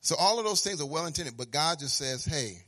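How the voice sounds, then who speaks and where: Animated male preacher, high voice, stammers, sing-song peaks. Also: quick pace. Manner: animated, acts out dialogues with God, sing-song emphasis; stammering restarts, swings from quiet to loud. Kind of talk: sermon.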